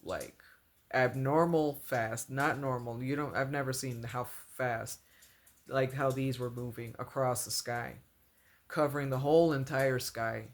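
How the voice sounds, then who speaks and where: Woman rambling through a dream account. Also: rumbling low. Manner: rambling, full of "like" and "you know", repeats phrases; earnest and religious. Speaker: vlogger recounting a dream. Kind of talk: casual storytelling.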